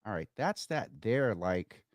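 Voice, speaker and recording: A man hosting a casual livestream, thinking out loud as he works through technical problems and talking straight to his viewers, calling them y'all. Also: on the low side, sing-song, unhurried, dry recording, clean studio sound. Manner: thinks out loud while fixing tech problems. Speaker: livestream host.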